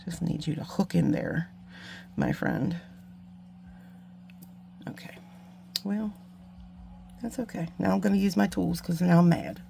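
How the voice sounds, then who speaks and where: Chatty beading lady, bit of gravel in her voice, mutters to herself mid-task, faint hum behind. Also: on the low side, slow, pauses often, warm tone. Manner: chatty, self-mocking, muttering asides while working. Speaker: beading channel host. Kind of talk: casual craft tutorial chat.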